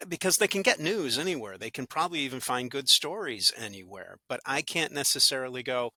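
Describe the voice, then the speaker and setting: A man's voice: mid-range voice, animated, a little fast, hardly any pauses, sharp tone, no echo. A man, an actor and good-news podcaster, chatting as an interview guest in an upbeat storytelling way, now and then acting out little quoted voices. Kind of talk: casual interview talk.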